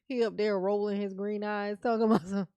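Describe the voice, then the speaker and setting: A woman hosts a casual livestream and talks to her viewers at an unhurried, drawn-out pace. Her voice has a gravelly rasp, and she swears freely. The sound is close and dry, with no room echo. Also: medium pitch, dark tone. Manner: laid-back, swears freely, breaks into laughter. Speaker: livestream host reading viewer comments.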